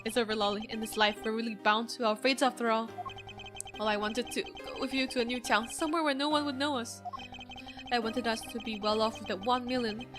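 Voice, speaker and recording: Woman reads a shaky young guy under pressure, halting and stammering, high voice. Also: fairly even intonation, over music, close to an everyday voice. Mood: nervous. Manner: hesitant, stammering. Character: nervous young man caught lying, stammering.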